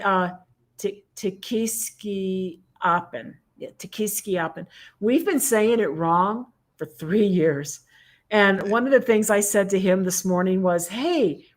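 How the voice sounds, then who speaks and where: Chatty laughing woman livestream co-host. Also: mid-range voice. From United States. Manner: chatty, laughs often, animated. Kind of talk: casual livestream chat.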